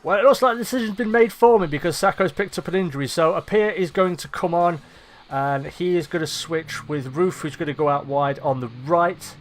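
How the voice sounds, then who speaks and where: Excitable man commentating a game. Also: on the high side, fairly quick, slight background noise. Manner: excitable, swears, laughs at himself. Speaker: gaming commentator. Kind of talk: let's play commentary.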